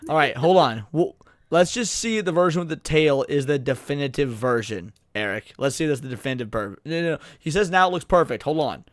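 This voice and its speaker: Man streamer, slightly high voice, dry close mic, jokey, stammering restarts, reads chat. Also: animated, brisk, dry recording. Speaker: VTuber co-host. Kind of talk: casual late-night stream chat.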